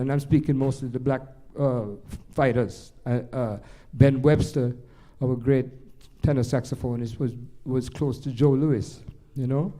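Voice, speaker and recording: Older Jamaican man, warm mellow tone, loose rambling storyteller, speaking to a live audience. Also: mid-range voice. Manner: rambling, animated anecdotes with many restarts. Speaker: jazz pianist and storyteller.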